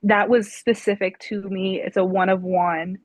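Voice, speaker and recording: A woman, a fan guest, recalling a meeting in an excited, playful way. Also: mid-range voice, unhurried, no echo. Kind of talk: casual interview recollection.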